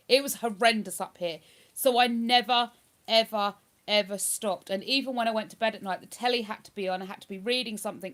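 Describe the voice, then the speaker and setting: A woman's voice: on the high side, fairly bright tone. A woman chatting on a live stream, reading viewer comments aloud and answering them. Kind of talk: casual live-stream chat.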